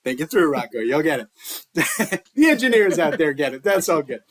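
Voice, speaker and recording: A man's voice: a little high, sing-song, normal speed, fairly bright tone. A man hosting a podcast in a jokey, playful way, laughing often as he chats with guests. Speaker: podcast host. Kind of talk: casual podcast chat.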